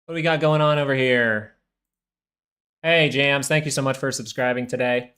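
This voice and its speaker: Guy rambling casually on a live stock stream, mid-pitched, keeps restarting. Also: fairly even intonation, moderate pace, pushed and bright, clean tone. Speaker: stock market livestream host. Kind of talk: live market commentary.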